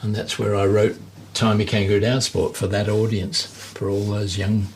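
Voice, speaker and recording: A man's voice: on the low side, flat delivery, normal speed, slight background noise. An older man with an Australian accent, an entertainer chatting and telling stories about his early years. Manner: chatty storyteller, warm anecdotes. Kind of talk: reminiscing conversation.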